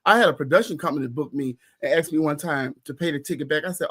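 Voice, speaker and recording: A man's voice: on the high side, fast talker, a bit bright, slightly rough. A man co-hosting a podcast in casual chat, ranting heatedly and profanely with emphatic repetition. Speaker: podcast co-host.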